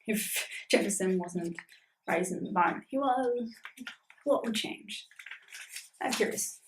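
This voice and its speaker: A woman's voice: mid-range voice, measured pace, slight background noise, rough recording. A woman chatting casually in a vlog about a tabletop campaign she plays in, rambling with lots of fillers.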